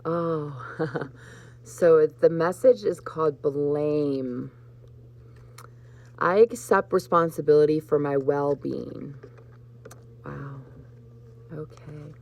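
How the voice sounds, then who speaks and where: A woman hosting a live spiritual card reading, talking gently to her viewers and getting emotional at times. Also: low-pitched, slow pace, creaky, long pauses, a little hiss or hum. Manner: warm, emotional, choked up with laughter at times. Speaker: host.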